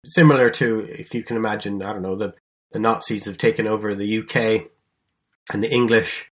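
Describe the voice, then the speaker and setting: A man giving an explanatory Bible lesson, telling the story in a lively, conversational way with emphatic stresses and small restarts. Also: on the low side, brisk. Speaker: Bible teacher.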